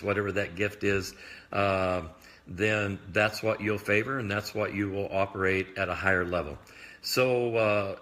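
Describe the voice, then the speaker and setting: A man with a slightly low but bright, forward voice speaks off the cuff in a casual livestream. He rambles as a minister sharing thoughts, circling back with plenty of fillers and quick asides. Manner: rambling, loose, filler-heavy talk; admits talking fast. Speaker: prophetic minister. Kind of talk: casual live video chat.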